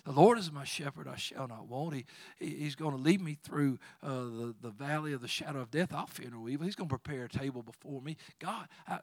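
A man's voice: medium pitch, fairly bright tone, no echo. A man preaching a sermon, quoting scripture with rising fervor and chuckling asides. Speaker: pastor.

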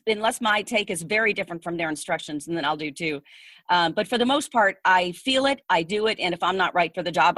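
A woman's voice: medium pitch, a bit bright, no echo. Woman coach hosting a chat, easygoing, super dry close sound. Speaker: host and voiceover coach. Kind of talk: conversational interview.

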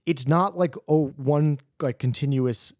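A man co-hosting a podcast, chatting casually about films and TV, talking in quick bursts. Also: a little high, a little mellow, no room sound, studio quality. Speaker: podcast co-host. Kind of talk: casual chat.

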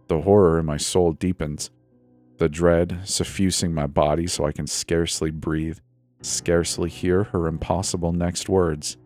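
A man's voice: sits low, steady tone, moderate pace, a little mellow. A man telling a first-person horror story in a tense, breathless, dramatic way. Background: faint music.

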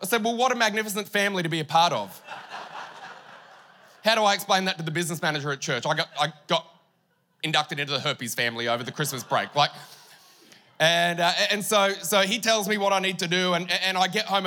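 A man's voice: high-pitched, a little fast, pushed and bright. A young Australian man preaching a sermon as pastor, telling a story with comic asides to the congregation. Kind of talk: humorous sermon.

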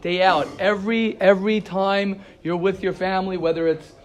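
Animated man teaching a casual class. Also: sits high, normal speed. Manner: animated, storytelling, repeats phrases. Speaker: Torah teacher. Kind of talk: informal class talk.

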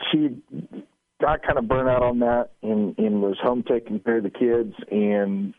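A man's voice: fairly low pitch, no echo. A man, a radio show guest, telling his story casually and acting out the quoted lines. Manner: animated, acts out quoted lines. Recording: tinny phone line.

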